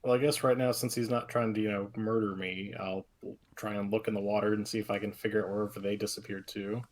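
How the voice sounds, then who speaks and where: A man with a somewhat low voice playing a tabletop game. He works out his moves aloud, pausing and restarting as he goes. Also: level tone. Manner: hesitant, thinking aloud. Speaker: player. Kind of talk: casual tabletop play.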